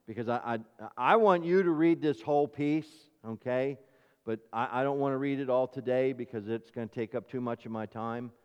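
A man preaching a sermon as pastor, swinging between emphatic, rising passages and quieter asides. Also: mid-range voice, clear, resonant tone, big-room sound, highs cut off.

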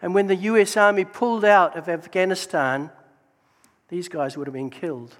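High-voiced New man giving testimony. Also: moderate pace. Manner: storytelling, animated, exclaims praise. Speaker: Gideons member giving testimony. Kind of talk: church testimony talk. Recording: long hall reverb.

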